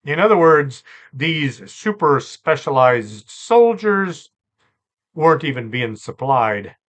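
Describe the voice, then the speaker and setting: A man hosting a storytelling show, relaxed and chatty, with asides and fillers. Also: on the high side, takes it slowly. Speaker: host and storyteller. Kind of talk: conversational storytelling podcast.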